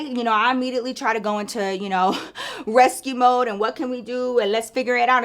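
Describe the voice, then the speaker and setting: A woman's voice: fairly high pitch, fairly quick, fairly bright tone. A woman spinning a story for her viewers in a loose, chatty way. Her talk is salty and profane, strung together with one filler after another. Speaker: storytime vlogger. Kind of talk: casual storytelling.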